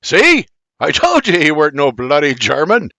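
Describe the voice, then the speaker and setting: A man's voice: on the high side, huge pitch swings, slow pace, creaky, fairly bright tone, husky, dry recording, pitched above the performer's own voice, heavily acted. A man voicing a hearty, burly Irish frontiersman who talks in a boisterous, blustery way with an Irish accent.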